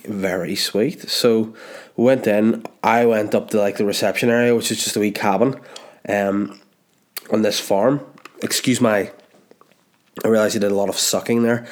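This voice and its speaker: Man, Belfast-area accent, comedy podcast host, congested, blocked nose, rambling, self-mocking, lowish voice. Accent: Northern Irish, Belfast area. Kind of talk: comedic storytelling.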